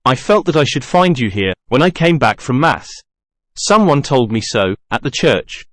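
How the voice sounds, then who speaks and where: A man reading the lines of a young woman singer in a gentle, slightly raised voice. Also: medium pitch, big pitch swings, normal speed, no room sound, clean studio sound, lightly acted. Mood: earnest.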